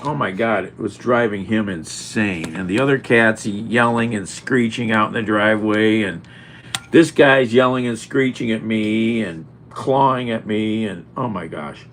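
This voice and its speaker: A man vlogging at home, talking in an animated, exclaiming way to his cat and the camera. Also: lowish voice, measured pace, slight background noise. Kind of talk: casual chat.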